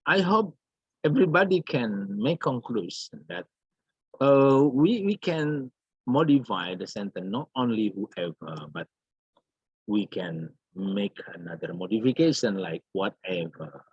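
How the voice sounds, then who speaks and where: Slow, lively male teacher. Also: fairly low pitch, husky, dry recording. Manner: slow, repeats words and examples, many fillers. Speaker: English teacher. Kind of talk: recorded grammar lesson. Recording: dull, lo-fi.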